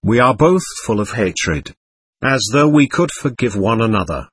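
Man voicing vindictive young woman, audiobook, cold, spiteful, husky, dry. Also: medium pitch, animated, moderate pace, no room sound. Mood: venomous.

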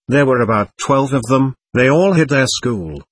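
Husky male audiobook narrator. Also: medium pitch, animated, normal speed. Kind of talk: scripted narration of a novel.

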